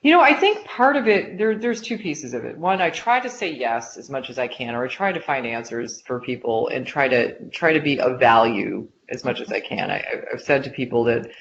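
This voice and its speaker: A woman's voice: a bass voice, moderate pace, hardly any pauses. A woman executive talking as an interview guest, chatty and full of filler likes as she tells stories. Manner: chatty, many filler likes, lively storytelling. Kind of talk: casual conversational interview. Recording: dull lo-fi podcast audio with faint hiss.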